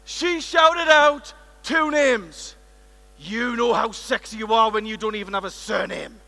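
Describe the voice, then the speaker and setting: A British man from the United Kingdom giving a lively, playful keynote on stage in a large conference hall, working the crowd as he tells a story. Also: high voice, unhurried, vocal fry. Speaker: keynote speaker.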